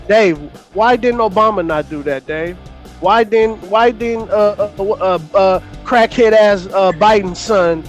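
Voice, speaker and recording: A man's voice: high voice, measured pace, soft background music. A man arguing hotly on a call-in panel, fired up and profane, talking over the others on a remote call. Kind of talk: heated call-in panel debate.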